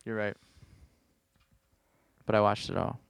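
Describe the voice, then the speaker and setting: Gravelly, joking podcast co-host man. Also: on the low side, flat delivery, measured pace, a little hiss or hum. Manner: joking, self-mocking banter. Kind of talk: casual chat.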